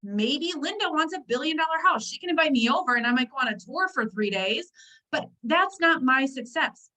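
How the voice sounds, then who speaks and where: Chatty high-voiced woman coaching a team. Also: normal speed, low-quality recording. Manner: chatty, animated, talks straight to the listeners with frequent asides. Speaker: network marketing team trainer. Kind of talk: motivational team training on a video call. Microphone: video call.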